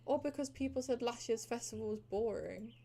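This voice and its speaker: A woman's voice: on the high side, brisk, gravelly, warm tone. Woman doing a grouchy baker husband. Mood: scolding. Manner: scolding, curt.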